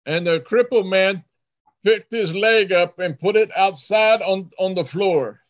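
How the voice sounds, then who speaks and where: Guy preaching in short bits w/ pauses for a translator, high bright voice, gets loud acting out the hollering, kinda dull lo-fi sound. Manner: animated, acts out hollering voices. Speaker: preacher telling a story. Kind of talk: sermon storytelling with live interpreter.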